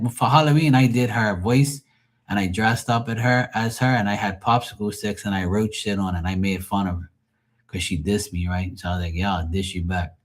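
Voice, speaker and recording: Profane man ranting on a live stream. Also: lowish voice. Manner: profane, mocking, rambling. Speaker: live tarot reader.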